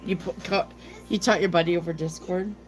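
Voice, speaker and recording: A woman's voice: on the low side, steady tone, brisk, a little hiss or hum. An older woman hosting a tarot livestream, chatting casually and affectionately, greeting viewers by name.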